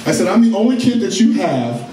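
A man's voice: high voice, very animated, fast, a little hiss or hum. Sassy, brash man in stand-up comedy. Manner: sassy, brash and profane, with loud outbursts. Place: comedy stage before a live audience. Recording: echoey live room from far off, audience.

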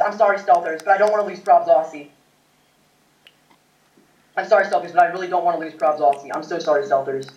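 A man giving casual let's-play commentary, rambling between his turns and bursting out loudly when things go wrong or right. He sounds set back from the microphone, in a roomy space that echoes. The recording is a little dull. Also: high voice. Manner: excitable, rambling, loud outbursts. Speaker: gaming YouTuber. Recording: echoey, distant, dull mic.

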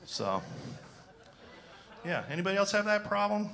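Animated male stand-up comedian. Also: on the high side, normal speed. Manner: animated, self-deprecating, with frequent fillers. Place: comedy club stage.

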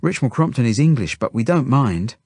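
A man reading an audiobook voices a bold, innocent little girl in a high, earnest child voice. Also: animated, fairly quick, darkish tone, slightly rough, no echo. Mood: matter-of-fact.

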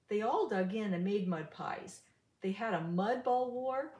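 An older woman reading a rhyming picture book aloud in an animated, sing-song way. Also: mid-range voice, a little slow, echoey room. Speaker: storybook reader.

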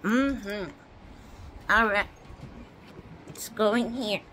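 A woman making a playful home video for a child, slow and sing-song, with soft drawn-out repeats. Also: medium pitch, slight background noise. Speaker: home video maker playing with toys for a child.

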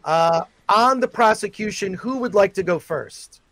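A man's voice: sits high, expressive, unhurried, fairly bright tone, no room sound. A man hosting a livestream as a mock judge. He speaks formally, like a judge, with frequent fillers, over a video call. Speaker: host presiding as mock judge. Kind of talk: mock-formal courtroom role-play on a livestream.

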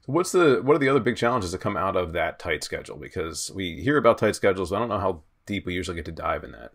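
A man's voice: sits low, animated, racing. A male interviewer who reacts often and asks curious follow-up questions. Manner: reactive, inquisitive.

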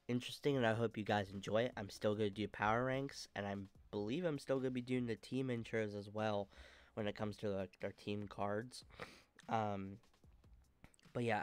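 A young man with a stuffy nose talks through his sports game plans in a flat, monotone way, stopping often for fillers and restarts. His voice sits low and comes across smooth and clean. The recording is close and dry, with no room sound. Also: no echo. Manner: rambling with many fillers and restarts. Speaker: channel host. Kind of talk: casual video game franchise commentary.

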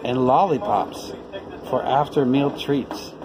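A man reading a children's picture book aloud, expressive and lively. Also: mid-range voice, slow, very noisy. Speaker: read-aloud reader.

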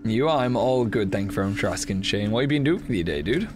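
A man streamer giving casual commentary while playing a horror game, excitable, swearing often and chatting with his viewers. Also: lowish voice, fast, music in the background.

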